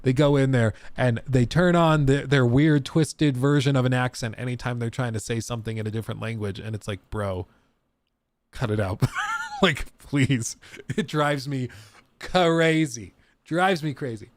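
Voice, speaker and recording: A man's voice: mid-range voice, normal speed, no room sound. An American man in his thirties hosting a livestream, chatting casually with a rambling, laughing manner. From United States. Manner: animated, rambling, laughs often. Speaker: streamer host.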